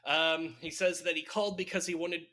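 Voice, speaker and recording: A man's voice: a little high, fairly even intonation, brisk, bright, forceful tone. A man co-hosting a podcast, casually recapping a film's plot with wry, laughing asides. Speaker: podcast co-host recapping a film. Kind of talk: casual chat.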